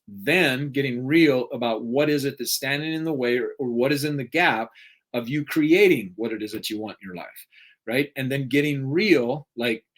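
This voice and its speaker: Earnest man giving a motivational talk. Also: medium pitch. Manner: earnest, repeats questions for emphasis with frequent "right?". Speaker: motivational speaker.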